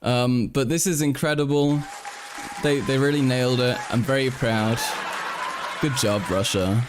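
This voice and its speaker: A man's voice: medium pitch, fairly even intonation, moderate pace, crowd noise, noisy background. A young man hosting a live stream in casual chat, rambling, swearing, and restarting his sentences while reading headlines aloud. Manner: rambling, profane, frequent restarts. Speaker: livestream host.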